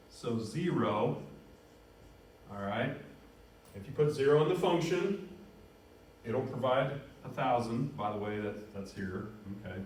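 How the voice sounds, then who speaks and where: A man's voice: medium pitch, slight background noise. A man teaching a math lesson, upbeat and chatty, talking himself through each step and correcting himself as he goes. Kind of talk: classroom math lesson, working at a board. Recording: very echoey room, voice from a distance.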